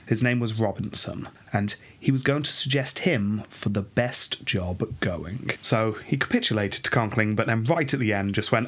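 A man's voice: on the low side, moderate pace, few pauses, a bit bright, slightly rough. A man hosting a podcast, casually telling a history story and reading quotes aloud with frequent laughs.

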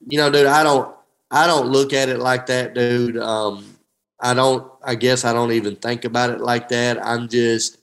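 A man's voice: mid-range voice, fairly bright tone, rough recording. Folksy man, heartfelt. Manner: folksy, heartfelt, says "dude" often, trails off and restarts. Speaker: professional angler, guest. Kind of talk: emotional casual interview.

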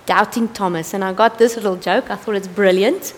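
A woman's voice: mid-range voice, fairly even intonation, fairly quick, few pauses. A woman preaching an evening sermon in a chatty, candid way, with asides and self-corrections. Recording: long reverb of a large hall.

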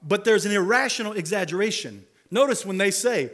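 A man's voice: high-pitched, expressive, brisk, a bit bright. A man preaching a sermon as pastor, talking conversationally and building to emphatic rhetorical questions. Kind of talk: expository sermon.

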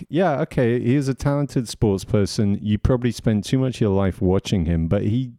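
A man's voice: on the low side, moderate pace, few pauses, dark tone, no room sound, clean studio sound. A man co-hosting a casual podcast, telling rambling, profane stories. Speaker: podcast co-host. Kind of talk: casual banter.

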